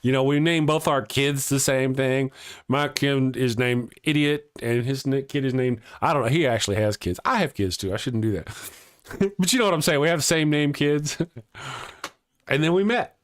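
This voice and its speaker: A man's voice: mid-range voice, moderate pace. Chatty joking man hosting a livestream. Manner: chatty and joking, laughs often, restarts words. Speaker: host of a live morning show. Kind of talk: casual livestream chat reading viewer comments.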